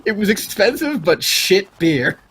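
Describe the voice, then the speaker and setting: A man co-hosting a casual gameplay chat, animated and quick to swear, with sudden jumps in pitch when excited. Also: slight background noise. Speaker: gaming co-host.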